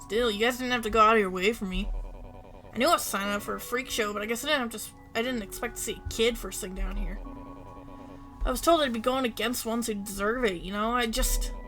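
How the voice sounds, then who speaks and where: A gruff, swearing male convict with a rough edge, from a story-driven video game, as a woman streamer voices him. His voice sits lower than hers but stays a touch light. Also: fast talker, a bit bright, faint music behind, close to an everyday voice. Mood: earnest. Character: rough, foul-mouthed male convict brawler.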